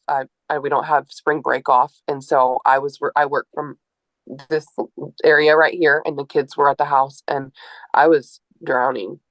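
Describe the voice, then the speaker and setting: A woman in her forties, an author and educator, talking candidly and earnestly to a live audience, often pausing on um and uh. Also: low voice, no room sound. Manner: earnest, open, with frequent um and uh. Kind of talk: candid personal talk at a book event.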